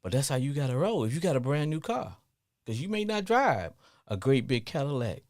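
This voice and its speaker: Lively Southern sports radio host. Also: male voice, mid-range voice, fairly quick, no echo, clean studio sound. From Southern US, family from Louisiana. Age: middle-aged. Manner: animated, playful, breaks into song snippets. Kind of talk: casual sports talk radio.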